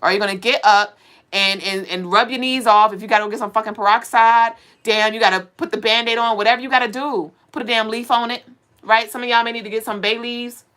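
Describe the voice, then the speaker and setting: A woman's voice: a little high, steady tone, fast, bright, forceful tone. A woman hosting a live spiritual card reading, talking bluntly and preachily and swearing now and then. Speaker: spiritual reader.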